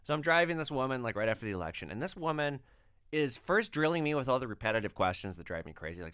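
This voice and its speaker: A man's voice: medium pitch, sing-song, fast talker, fairly bright tone, smooth. A man hosting a podcast, telling stories casually with loose, profane phrasing and lots of filler words. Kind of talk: casual storytelling.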